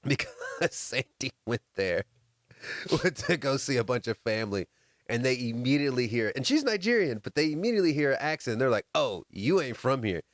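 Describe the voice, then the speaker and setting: A man co-hosting a casual podcast, animated and quick to laugh as he tells stories. His voice sits at a middle pitch. He is recorded in a dry, close setting. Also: no room sound. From United States. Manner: laughs often, animated storytelling. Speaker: podcast co-host. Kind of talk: casual chat.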